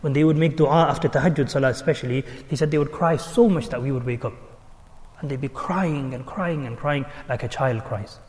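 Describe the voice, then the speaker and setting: A man giving a religious talk as a teacher, telling stories in an animated way and acting out the voices he quotes. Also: mid-range voice, a little fast, big-room sound. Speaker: Islamic teacher. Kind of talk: sermon storytelling.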